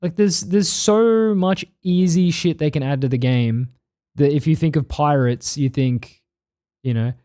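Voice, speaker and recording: Blunt Australian man streaming, dark mellow voice. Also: on the high side, a little slow. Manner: blunt, swears freely, reads chat aloud and answers it. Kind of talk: casual chat reading live chat.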